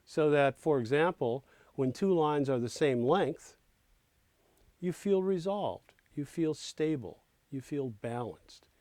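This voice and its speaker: A middle-aged man teaching lyric writing in a recorded clinic, lively, breaking into sung lines and nursery rhymes to make his points. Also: on the high side, slow, dry recording. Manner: animated teacher, recites rhymes and quotes in small acted voices. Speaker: songwriting professor.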